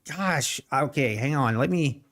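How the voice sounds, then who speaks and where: Slow, rambling man streaming trades. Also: mid-range voice, expressive, a bit bright. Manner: slow, rambling, self-correcting; playfully defensive with chat. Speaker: livestream trading host. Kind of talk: casual livestream chat.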